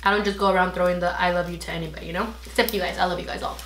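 A young woman vlogger telling a personal story in casual chat, animated and swearing freely as she acts out what people said. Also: lowish voice, rapid-fire, reverberant, a little hiss or hum.

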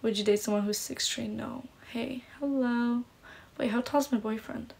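Through a phone camera, a slightly high, gravelly, somewhat mellow female voice comes across with fairly even intonation and a moderate pace. She's a young woman with Polish parents living in Ireland, chatting on a livestream, reading comments and fretting self-consciously with plenty of "like".

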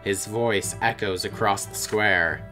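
A man's voice: on the low side, fairly even intonation, sharp tone, soft background music. A man hosting a game play-through, reading the story text aloud and joking between passages in a playful manner. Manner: playful, quick to laugh. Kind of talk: narrating a text game with casual banter.

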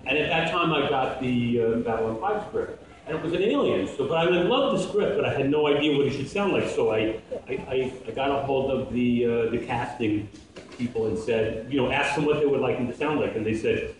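A man's voice: medium pitch, expressive, brisk, a little hiss or hum. A middle-aged man at a convention panel Q&A, telling stories with lots of jokes and laughter. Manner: jokey, laughing storyteller. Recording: echoey hall, mic held far off.

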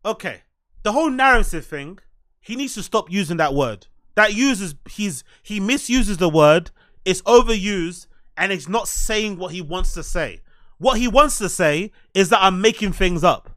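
London guy ranting on stream, high bright voice, blunt and sweary. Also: lively intonation, normal speed. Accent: London English. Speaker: commentary streamer. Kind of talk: reaction commentary.

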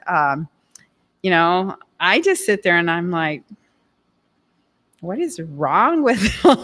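Woman vlogger, lowish voice, direct and chatty advice to camera, lots of fillers. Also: fairly bright tone. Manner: chatty and direct, with filler words and frequent asides. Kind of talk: casual advice talk to camera.

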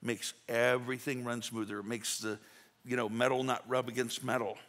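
Gravelly man preaching in a reverberant church. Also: medium pitch, flat delivery, fairly quick, a bit bright. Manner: conversational, folksy, with restarts and acted-out quotes. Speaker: pastor. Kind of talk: sermon. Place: church sanctuary.

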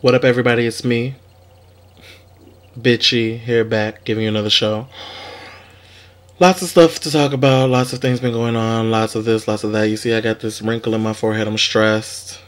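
A man's voice: mid-range voice, moderate pace. Young male vlog host, sassy, profane gossip talk, mid-range voice. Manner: sassy, profane, animated commentary. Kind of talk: casual celebrity gossip vlog.

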